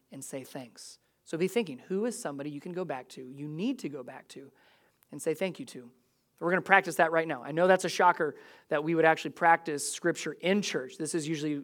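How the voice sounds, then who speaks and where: A pastor preaching a sermon to a congregation in a church, talking in a lively, conversational way, with humor and big swings from quiet to loud. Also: mid-range voice.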